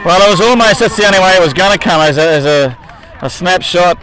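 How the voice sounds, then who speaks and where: A man giving color commentary on a match outdoors, analytical and halting, often restarting his sentences. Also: sits high, lively intonation, crowd noise, poor audio. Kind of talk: sports commentary.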